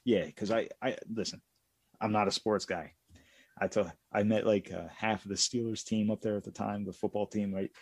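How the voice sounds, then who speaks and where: A man co-hosting a casual podcast, telling profane, animated stories from his youth. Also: lowish voice, moderate pace, no room sound. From Pittsburgh area. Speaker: podcast co-host. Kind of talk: casual storytelling chat.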